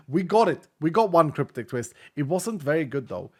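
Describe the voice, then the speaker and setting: A man's voice: fairly high pitch, animated, a little fast, few pauses. A man in his late thirties, a streamer chatting casually with viewers and reading their messages, gushing and emotional and laughing often. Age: late 30s.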